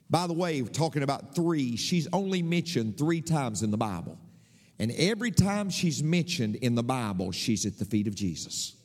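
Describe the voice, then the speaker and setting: A man preaching a sermon as pastor, passionate, dropping to low murmurs and climbing to high cries. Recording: long hall reverb.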